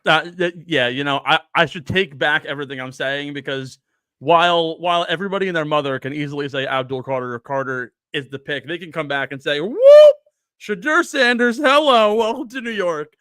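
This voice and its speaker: A man in his twenties telling rambling stories in a casual chat, with animated bursts. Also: a little high, brisk, smooth, no room sound, studio quality. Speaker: panelist.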